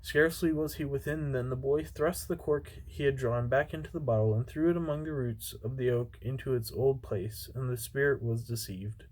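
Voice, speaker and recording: A man's voice: medium pitch, normal speed, few pauses, a little mellow, rough recording. A man reading a fairy tale aloud, unpolished, with frequent stumbles and restarts. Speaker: amateur reader.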